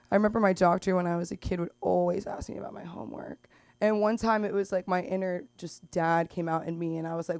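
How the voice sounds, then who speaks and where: A young woman does an open mic stand-up set on a small comedy club stage, her mid-range voice brisk and smooth with no echo. She rambles through stories full of "like" and "um," bursting into loud put-on voices for the people she describes.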